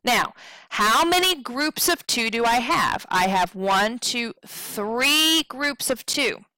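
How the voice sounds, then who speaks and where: A woman's voice: fairly high pitch, animated, takes it slowly, bright, forceful tone, no room sound, low-quality recording. A woman teaching a poetry lesson, patiently counting syllables aloud and checking in with her students.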